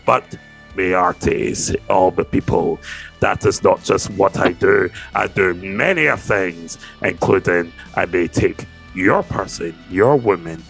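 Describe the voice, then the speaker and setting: A man's voice: deep voice, slow, vocal fry, a bit bright, faint music behind, heavily acted. A man voicing a boastful, swaggering male pirate captain in bawdy sea-dog patter.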